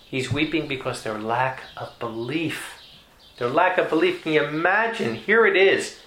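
A man's voice: lively intonation, normal speed, sharp tone, slight background noise. Emphatic preacher man in an echoey room. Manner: emphatic, repeats key phrases, climbs in pitch for emphasis. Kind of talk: sermon.

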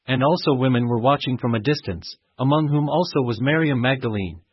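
A man giving a steady, measured reading of scripture. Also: medium pitch, husky, dry recording. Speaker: scripture reader. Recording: muffled dry recording.

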